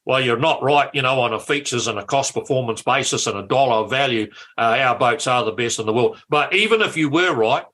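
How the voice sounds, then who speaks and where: A brash admiral who pitches his ships like a pushy salesman, played by a man. He is boastful and insistent and sounds bright and forceful.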